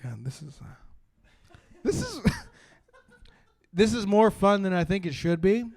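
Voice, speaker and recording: A young man from Canada doing profane, animated stand-up storytelling on a live stream, jumping into shouted punchlines. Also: high-pitched, a little slow, creaky, slight background noise. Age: young adult. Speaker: stand-up comedian.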